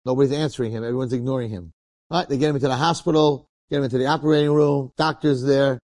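A man, a rabbi, telling a story in a sermon in a lively, conversational way, acting out the people in it. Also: mid-range voice, racing, dry recording, clean studio sound. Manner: animated, conversational, acts out quotes.

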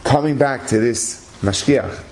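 A man's voice: measured pace, slight background noise. A man telling a religious story aloud, acting out what the people in it say and lifting his voice at the tense turns. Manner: animated, rises in pitch at dramatic moments; acts out characters' lines in his own voice.

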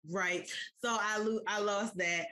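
A woman's voice: mid-range voice, steady tone, measured pace, sharp tone. Chatty woman podcast host. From United States. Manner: chatty, addresses listeners directly. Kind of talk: casual chat.

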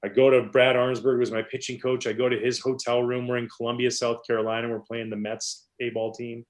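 A man, a former professional pitcher, telling stories in a casual interview, animated and rambling with many restarts. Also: a little fast.

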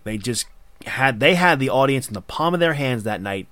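A man hosting a casual podcast chat, excitable and rambling in long run-on bursts. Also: mid-range voice, moderate pace, no room sound. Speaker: podcast host.

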